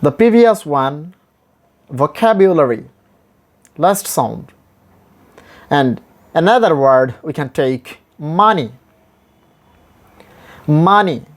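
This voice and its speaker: A man teaching English vowel sounds, repeating each example word slowly and deliberately in stressed drills. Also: a little high, lively intonation. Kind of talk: pronunciation lesson.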